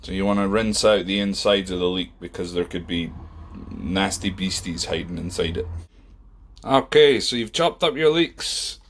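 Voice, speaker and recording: A man's voice: sits low, moderate pace, a bit bright. A man hosting a casual home cooking video, talking in a chatty, rambling way with many fillers, recorded on a camera in a kitchen. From Scotland. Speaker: podcast host.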